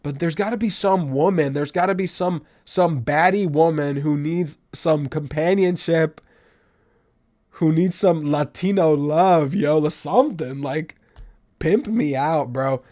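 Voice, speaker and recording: Animated young New man telling stories. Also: unhurried. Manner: animated, swings from loud outbursts to low mutters. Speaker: podcast host. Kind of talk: casual storytelling monologue.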